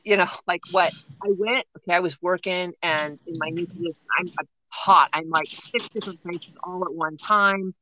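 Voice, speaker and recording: A woman's voice: on the low side, normal speed, hardly any pauses. A woman co-hosting a podcast, telling funny work stories in casual chat and often laughing as she talks. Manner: laughs through her stories, animated. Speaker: podcast co-host.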